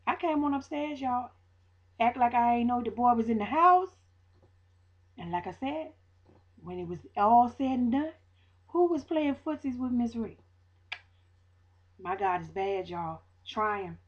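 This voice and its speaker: A woman gives a preachy, casual testimony to viewers and repeats her lines for emphasis. Her voice sits fairly high and speaks in Southern US vernacular. The lo-fi webcam sound is a little dull. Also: expressive, moderate pace, long pauses. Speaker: vlogger sharing a faith testimony.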